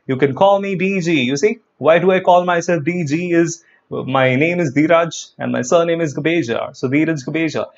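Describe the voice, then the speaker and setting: A man with an Indian English accent, an English teacher giving an energetic online grammar lesson, repeating his points and talking straight to the viewers. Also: on the high side, dull audio. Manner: energetic, repeats phrases, addresses viewers directly.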